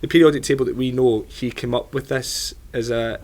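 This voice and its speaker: A man's voice: mid-range voice, fairly even intonation, a little fast, darkish tone. A man with a Scottish accent co-hosting a casual chat for kids, explaining loosely with lots of fillers. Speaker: co-host.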